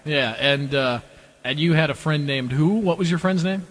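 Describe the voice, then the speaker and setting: A man with a somewhat raised pitch hosts a casual podcast chat. He rambles, laughs often and lets his sentences trail off into quieter mumbling. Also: moderate pace. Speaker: podcast host.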